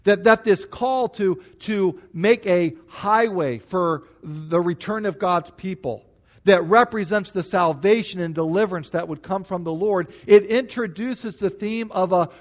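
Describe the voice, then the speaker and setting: A man's voice: high-pitched, a little slow. A man preaching a sermon, explaining scripture verse by verse with emphatic stress on key points. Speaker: pastor.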